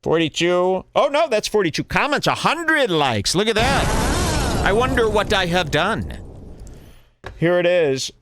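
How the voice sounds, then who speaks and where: Sarcastic male podcast host, lively pitch. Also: measured pace, noisy background. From Texas. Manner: sarcastic, mock-enthusiastic, thinking aloud. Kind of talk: casual comedic commentary on clips.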